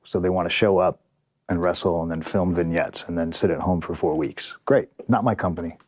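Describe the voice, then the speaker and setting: A man's voice: low-pitched, fairly even intonation, a little fast, darkish tone, slightly rough, no echo. A man being interviewed as a guest, telling a story in a blunt, profane, frustrated way and acting out the dialogue. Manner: acts out quoted dialogue. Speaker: interview guest, pro wrestler.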